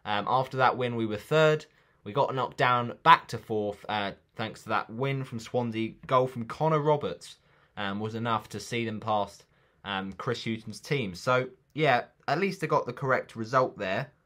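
A man's voice: mid-range voice, moderate pace, sharp tone. A man chatting casually in a football predictions vlog, rambling and teasing himself.

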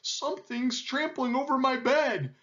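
A man's voice: very high voice, steady tone, unhurried, fairly bright tone, lo-fi sound, voice pushed up. A man voicing a big, grumpy male lion who roars and exclaims in a storybook reading. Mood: alarmed. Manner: roaring, exclaiming.

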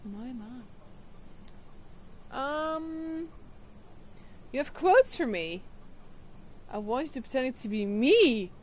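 Young woman streaming a game, kinda tired, chatty, bit of a higher voice, gets loud greeting chat. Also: slow pace, pauses often, slight background noise. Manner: chatty, greets viewers with excited bursts. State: tired, yawning. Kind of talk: casual live-stream chat.

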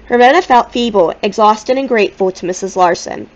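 A woman reading a children's novel aloud in a gentle, expressive storytelling manner. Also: mid-range voice, brisk, hardly any pauses, muffled recording. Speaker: audiobook reader.

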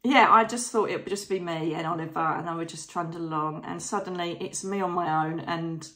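Woman, middle-aged, lowish voice, chatty and effusive vlogger with lots of fillers. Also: steady tone, a little fast, sharp tone. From Britain. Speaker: psychic medium vlogger. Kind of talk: casual vlog to followers.

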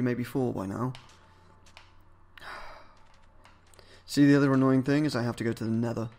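A man provides casual let's-play commentary on a game, swearing heavily, muttering to himself, and yelling at enemies. His voice is medium in pitch.

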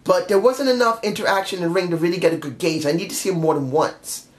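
A man's voice: sits high, fast, a little hiss or hum. A man reviewing a wrestling show in a casual spoken style, blunt and exasperated, firing off repeated questions.

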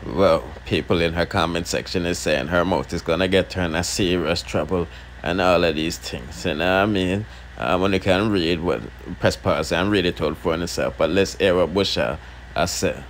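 A man hosts gossip commentary in a casual, conversational tone, his voice low and deep. Faint noise hums behind him. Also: moderate pace. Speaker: channel host.

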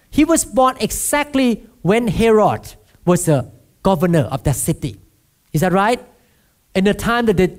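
A pastor with a Thai accent delivers a sermon in a notably high-pitched voice. He speaks with easy, self-deprecating humor and keeps asking the listeners to answer him. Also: a little mellow. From Thailand. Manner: asks the congregation for responses, self-deprecating humor.

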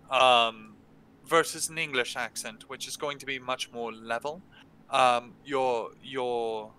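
Man, bright voice, crisp and clear, hesitant casual teaching. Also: mid-range voice, fairly even intonation, poor audio. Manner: halting, many fillers and restarts. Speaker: game master teaching a workshop. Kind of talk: casual instructional talk. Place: online stream.

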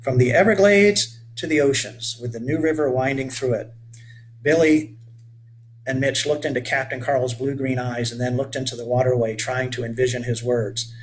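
Gentle older man reading a storybook. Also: mid-range voice, moderate pace, a little hiss or hum. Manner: gentle storyteller, stops to explain to young listeners. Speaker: author reading his children's book. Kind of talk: storybook read-aloud for children.

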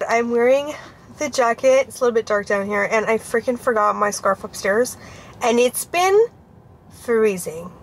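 A woman's voice: fairly high pitch, animated, moderate pace, reverberant. A young woman vlogger talking candidly and emotionally, rambling with lots of fillers. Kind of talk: candid confessional vlog chat. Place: car.

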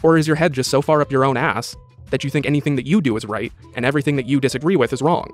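A man co-hosting a reaction stream, talking in a sarcastic, mocking, halting way. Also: medium pitch, faint music behind. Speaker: co-host reacting to a video. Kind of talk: casual commentary chat.

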